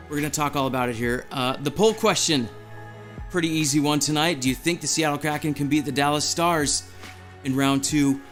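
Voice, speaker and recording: A man hosting a live stream, giddy and out of breath, reading chat messages aloud in an excited chat. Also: a little high.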